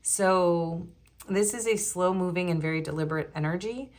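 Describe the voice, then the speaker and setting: A woman's voice: on the low side, normal speed, darkish tone. A young woman giving a casual pick-a-card tarot reading, chatty and rambling with frequent giggles and fillers. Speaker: tarot reader.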